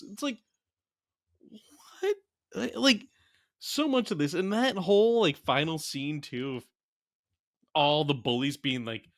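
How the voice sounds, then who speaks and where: A young adult man chats casually as a podcast co-host, recounting scenes with animated disbelief. His voice sits a bit high and comes across bright and forceful. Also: normal speed. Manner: incredulous, animated retelling of scenes. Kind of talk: casual movie review chat.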